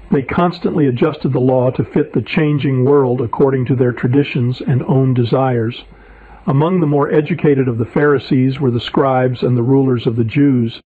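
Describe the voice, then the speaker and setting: A man preacher reading his own sermon paper aloud, emphatic and indignant. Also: mid-range voice. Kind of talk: read sermon narration. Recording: tinny phone-like audio.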